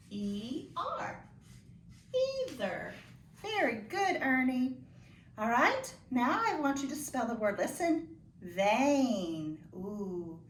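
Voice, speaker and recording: Woman, phonics teacher for young kids; higher, animated voice, patient and full of praise; roomy echo. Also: a little hiss or hum. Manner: encouraging, slow and deliberate, praising pupils. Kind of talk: phonics lesson for young children.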